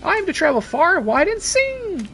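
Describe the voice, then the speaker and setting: A woman's voice: extremely high pitch, sing-song, moderate pace, a bit bright, soft background music, pitched above the performer's own voice, heavily acted. A woman voicing a small, haughty female bird mascot who sings and puts on airs in a pompous, theatrical way. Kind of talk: let's play dialogue read-aloud.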